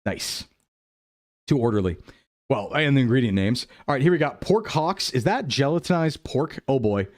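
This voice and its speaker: A man's voice: medium pitch, lively intonation, normal speed, dry recording, studio quality. A man streaming casually, thinking aloud and joking with his chat as he plays a guessing game. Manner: playful, jokey, thinking aloud. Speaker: VTuber streamer.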